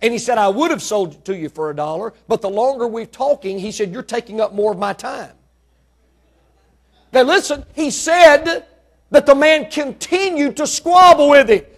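A man preaches, his voice sitting high for a man. He stretches out key words slowly and lets his volume swell as he drives a point home in the sermon. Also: expressive.

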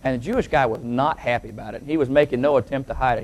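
A man preaching to a church congregation, mixing joking asides with slow, loud scripture reading. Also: medium pitch, fairly even intonation, slight background noise. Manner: joking asides, then declaiming scripture slowly and loudly. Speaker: pastor. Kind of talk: sermon with jokes and scripture reading.

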